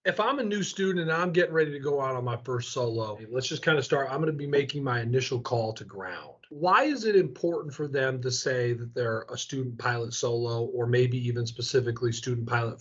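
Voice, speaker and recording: A man hosts a casual interview about flight training. His voice sits a little high and sounds husky. He rambles and restarts as he thinks aloud, and the recording is dull and lo-fi. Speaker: flight school host.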